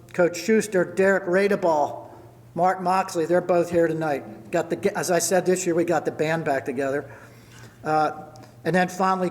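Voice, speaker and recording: An older man delivers a retirement party speech, running down names and telling hockey stories. His voice sits high for a man. The sound carries a long reverb from a large hall. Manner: storytelling, thanking people by name.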